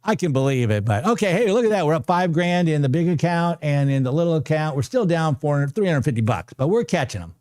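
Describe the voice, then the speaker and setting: A chatty, excitable man talks his viewers through what he is doing live, often saying numbers twice. His voice sits a little high, and the sound is dry and close, with no room echo. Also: fairly quick, few pauses. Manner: chatty, repeats numbers aloud. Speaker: livestream trading host. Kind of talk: casual live-stream commentary.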